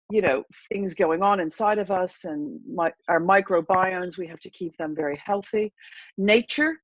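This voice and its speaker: A woman's voice: medium pitch, no room sound. Woman therapist guest, confident instructor, dry dull lo-fi remote audio. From England. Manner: confident, instructive, warm-paced coaching. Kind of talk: interview answers with a guided breathing demo.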